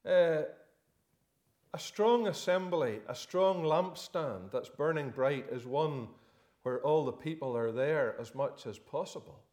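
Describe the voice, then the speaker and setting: A preacher with a rather high voice delivers a sermon. He swells to loud, emphatic points, then sinks to near-quiet asides, often repeating a word as he works out his thought. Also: lively intonation, takes it slowly. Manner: swings between loud emphatic lines and quiet dropped phrases; repeats words and restarts while reasoning aloud.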